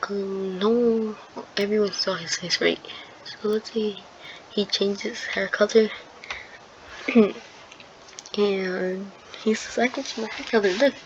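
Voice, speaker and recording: A woman casually retelling a fan story in a rambling, hesitant way, full of fillers and restarts. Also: mid-range voice. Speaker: video creator. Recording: dull lo-fi sound with clear background noise.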